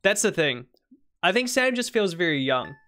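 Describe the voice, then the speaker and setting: On a gaming livestream, a young woman with a mild New Zealand accent chats casually in a fairly low voice at a moderate pace. She rambles, restarts sentences, and teases her viewers in a relaxed, talkative manner.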